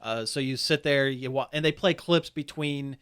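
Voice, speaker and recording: A man's voice: medium pitch, normal speed, fairly bright tone, smooth. A man hosting a podcast, chatting casually and rambling with lots of fillers and restarts. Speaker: podcast host. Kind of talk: casual chat.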